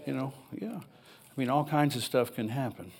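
A man's voice: mid-range voice, moderate pace, gravelly, a little mellow. Older guy pastor giving a sermon in church, chatty, reads bible verses then goes off on tangents. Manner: conversational preaching, reads scripture aloud, rambles with asides.

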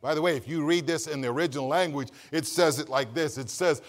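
A man preaching a sermon as pastor, swinging from quiet asides up to loud shouted emphasis and asking the congregation to answer back. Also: on the high side, fast, few pauses. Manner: calls for congregation response. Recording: long reverb of a church hall.

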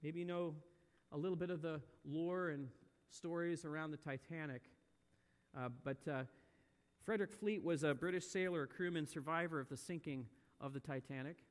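A man preaching a sermon in a church, earnest and building to loud, emphatic peaks. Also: a little high, moderate pace. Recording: long hall reverb.

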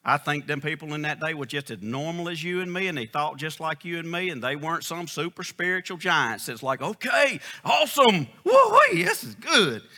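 A man's voice: fairly high pitch, brisk, few pauses, bright, forceful tone. A man preaching a sermon in an emphatic, folksy storytelling style. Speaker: pastor.

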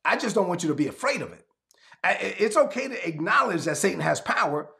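A man preaching a sermon, his voice pitched high and swinging widely as he pushes rhetorical questions and reads scripture aloud. A gravelly rasp runs under his delivery. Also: sing-song, fast talker, pushed and bright. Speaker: pastor.

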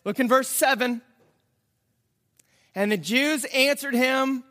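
A man preaching a sermon, reading scripture and explaining it in a slow, dramatic way that builds to emphatic outbursts. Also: very high-pitched, pushed and bright. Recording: long hall reverb.

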